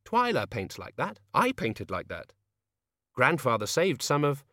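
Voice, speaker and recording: A man voicing a stern, impatient young woman governess who talks in a brisk, matter-of-fact way. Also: mid-range voice, huge pitch swings, sharp tone, no room sound, studio quality, exaggerated voice.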